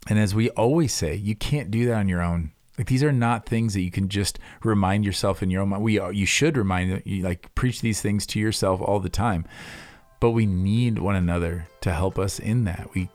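A man's voice: fairly low pitch, normal speed, darkish tone, no room sound. A man co-hosting a church podcast, talking earnestly with frequent fillers and restarts. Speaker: pastor co-host.

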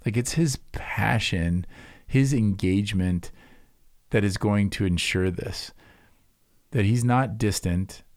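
A man's voice: on the low side, takes it slowly, pauses often, dry recording, studio quality. A man co-hosting a church podcast, talking earnestly with frequent fillers and restarts. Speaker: pastor co-host.

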